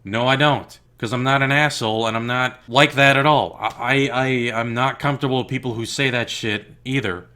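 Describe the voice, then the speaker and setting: A young man delivers a heated rant straight to his audience. He is blunt and profane, with a mid-pitched voice that keeps pressing forward. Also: steady tone, moderate pace, hardly any pauses, sharp tone. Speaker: YouTuber. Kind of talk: angry rant to camera.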